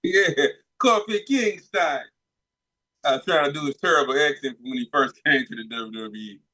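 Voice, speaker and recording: A man's voice: mid-range voice, quick pace, pushed and bright, dry recording. A man with a Memphis accent co-hosting a casual talk show, in easygoing, joking banter. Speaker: podcast co-host. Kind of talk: casual chat.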